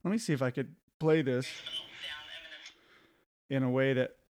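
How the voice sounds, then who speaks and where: A man's voice: medium pitch, a little slow, darkish tone, slight background noise. A man hosting a podcast in casual chat, rambling with asides and restarts into a studio microphone. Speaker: podcast host.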